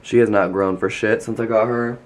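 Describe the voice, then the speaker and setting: A man's voice: lowish voice, fairly even intonation, normal speed, noisy background. A man giving a casual tour of his houseplants at home, gushing and chatty, with lots of "like" in his speech. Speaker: plant vlogger.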